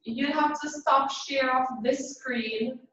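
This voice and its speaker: A Jamaican woman joining a class, speaking slowly and deliberately. She sounds far from the microphone in a very echoey room, and the audio is dull. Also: high voice, a bit bright, a little hiss or hum. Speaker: student. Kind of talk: class participation.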